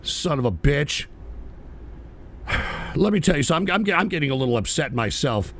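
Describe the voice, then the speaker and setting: A man hosting a live political stream, ranting with profane, scornful outbursts that rise into shouts. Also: fairly high pitch, big pitch swings, moderate pace. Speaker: host.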